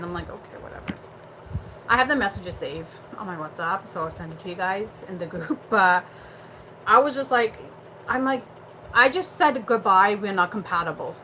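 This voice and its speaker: A woman's voice: medium pitch, sharp tone, a little hiss or hum, low-quality recording. A young adult woman hosting a casual livestream chat, blunt and chatty, swearing freely and using lots of fillers. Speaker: livestream host.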